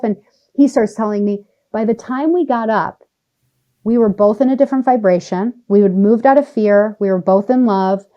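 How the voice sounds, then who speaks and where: A woman guest on a podcast recounts a personal experience with lively emphasis and shifting pace. Her voice is mellow and warm, never sharp. The audio is a little dull and lo-fi. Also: on the high side. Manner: animated, emphatic, speeds up and slows down for effect. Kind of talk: personal storytelling in conversation.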